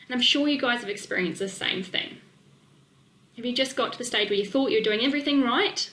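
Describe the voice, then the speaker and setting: A woman with a New Zealand accent presenting a webinar as a nutrition coach, talking fast and excitedly with fillers. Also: on the high side, roomy sound.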